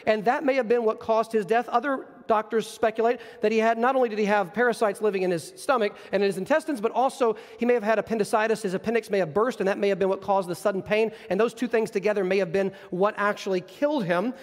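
A man's voice: sits high, steady tone, quick pace, hardly any pauses. A male pastor delivering a sermon in an earnest, explanatory way, with frequent restarts, in a church. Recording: long reverb of a large hall.

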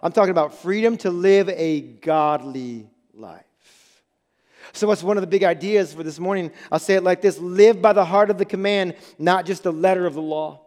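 A high-sitting male voice with a darkish tone preaches forcefully from a church sanctuary. He repeats his main phrases and checks in with the congregation as music plays under the hall's long reverb.

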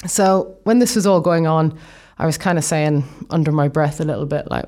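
A young Irish woman with a notably low voice talks through her plans in an easygoing, rambling way. She keeps drifting into friendly asides as she explains. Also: normal speed, mellow. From Ireland. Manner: chatty and rambling, with frequent asides. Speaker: vlogger. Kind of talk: casual explanatory vlog.

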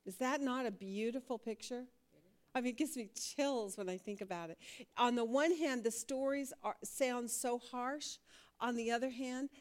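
Woman Bible teacher, higher voice, lively and questioning, laughs readily. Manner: lively, laughs often, asks the class questions.

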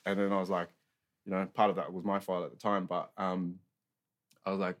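A man's voice: deep voice, level tone, fairly quick, noisy background. A young Australian man chatting casually, rambling with lots of filler words and swearing freely. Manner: rambling, profane, heavy use of filler words. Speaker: guest sharing life story. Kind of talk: casual chat.

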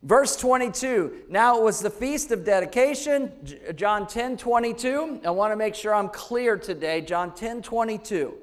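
A man's voice: sits high, lively intonation, moderate pace, hardly any pauses. A man preaching a sermon, emphatic and repeating key phrases to the congregation. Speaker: pastor.

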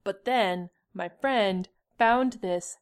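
A chatty woman co-hosting a podcast who plays up her reactions with exaggeration. Her voice sits at a middle pitch. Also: very slow. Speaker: podcast co-host. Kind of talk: casual chat.

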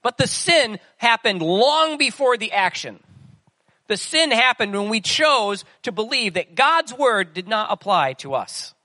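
A man's voice: high voice, big pitch swings, a little slow, sharp tone, no room sound. A man preaching a sermon in a conversational way, asking the listeners questions as he goes. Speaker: pastor.

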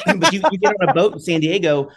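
His voice is high-pitched, sing-song, fast, and slightly rough. A middle-aged man who once skydived in the Army, he's a podcast guest telling meandering stories casually, with swearing and laughter mixed in.

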